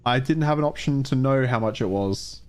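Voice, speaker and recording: A frustrated male game streamer ranting over his gameplay, swearing freely and often trailing off in the middle of a thought. His voice sits at an ordinary middle pitch for a man, and his delivery is loose, unscripted commentary. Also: moderate pace, clean tone.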